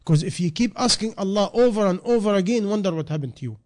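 A man's voice: high voice, expressive, fast. Emotional man preaching a sermon. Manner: shifts between quiet reflective lines and loud, rising emphatic calls; non-native English phrasing.

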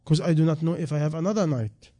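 A man preaching with a somewhat high voice and plainly non-native English phrasing. He moves from hushed, reflective storytelling to loud, rising exhortations, stressing each repeated line. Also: fast. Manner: shifts between quiet reflective lines and loud, rising emphatic calls. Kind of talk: sermon.

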